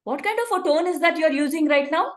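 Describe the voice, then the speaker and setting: A woman's voice: sits high, animated, brisk, background noise, pitched above the performer's own voice. Woman playing a strict scolding mom. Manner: scolding, lecturing. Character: strict scolding mother of a ten-year-old. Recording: echoey room.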